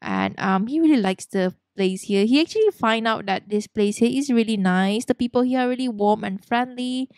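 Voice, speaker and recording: A young woman hosting a let's play, narrating a life-sim game in a bubbly, excitable way. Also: fairly high pitch, normal speed, hardly any pauses, no room sound, clean studio sound. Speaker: gaming channel host.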